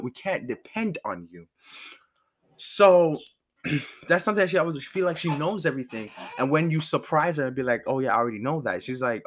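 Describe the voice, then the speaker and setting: This young guy's voice sits at a medium pitch with a slightly bright quality. In a loose, annoyed rant full of swearing, he recounts an argument by voicing each side's lines.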